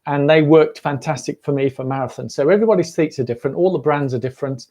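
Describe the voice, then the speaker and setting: A man's voice: fairly high pitch, fast, warm tone. A middle-aged man hosting a casual livestream, chatty and jokey, talking straight to his viewers. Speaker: running channel host. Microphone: camera on a livestream.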